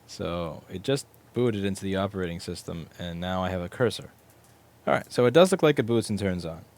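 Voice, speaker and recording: A man's voice: low-pitched, lively intonation, a little fast, a little mellow. A man with a New York accent, chatting casually and joking wryly as he repairs a laptop on a live stream. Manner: wry, joking, swears casually. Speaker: repair technician streaming his work. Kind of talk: casual live-stream chat while working.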